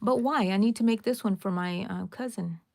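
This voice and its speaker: Woman, Texan accent, crochet livestream host, chatty and rambling, mid-pitched voice, dry close sound. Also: normal speed, creaky, darkish tone, no room sound. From Texas, USA. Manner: chatty, talks straight to viewers, rambling asides. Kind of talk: casual live crochet tutorial.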